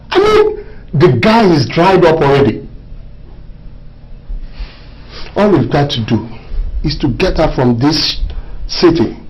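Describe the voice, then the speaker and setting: A man's voice: on the high side, low-quality recording. An actor playing a jealous, scheming male lover who gives orders and will not share his woman. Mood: commanding. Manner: domineering, commanding. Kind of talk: Nollywood film acting.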